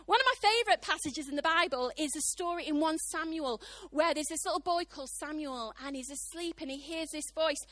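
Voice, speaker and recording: High bright British woman preaching. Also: fairly quick, few pauses, dry recording. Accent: British English. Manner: animated, acts out voices of God and others. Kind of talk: sermon.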